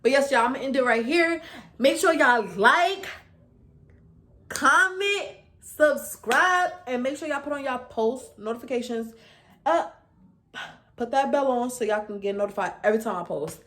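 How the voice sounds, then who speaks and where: A woman in her twenties from New York City with a New York accent, telling a story to camera in a casual, slangy, animated way and acting out the voices she quotes. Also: high-pitched, moderate pace. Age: 20s. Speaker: vlogger.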